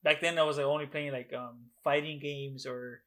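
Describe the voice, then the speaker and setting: A young man co-hosting a podcast over a video call, telling stories excitedly and swearing often. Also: fairly high pitch, moderate pace. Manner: excitable, swears a lot, animated storytelling. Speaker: podcast co-host. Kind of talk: casual chat.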